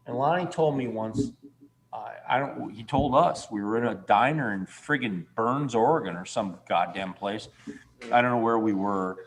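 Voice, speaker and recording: A man's voice: medium pitch, lively intonation, moderate pace. A man in his fifties telling a long, rambling story in casual chat. He talks emphatically and swears freely. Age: 50s. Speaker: guest.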